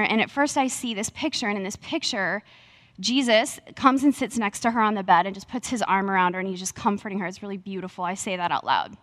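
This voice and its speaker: A young woman preaching, telling a faith story with earnest, animated energy and acting out her own quotes. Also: mid-range voice, no echo. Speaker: speaker sharing testimony. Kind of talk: sermon-style storytelling.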